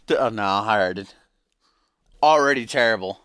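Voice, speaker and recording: Guy doing profane joking wrestling play-by-play, bright voice, swings up and down a lot. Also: fairly low pitch, lively intonation, normal speed, pauses often, clean tone, no room sound, studio quality. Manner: profane, joking, sportscaster-style. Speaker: wrestling game commentator. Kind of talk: casual play-by-play commentary.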